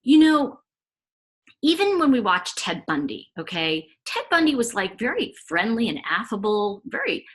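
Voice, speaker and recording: A woman's voice: fairly high pitch, very animated, moderate pace, fairly bright tone, husky, low-quality recording. A woman talking through a case in a rambling, self-interrupting casual monologue as a commentator. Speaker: true crime commentator.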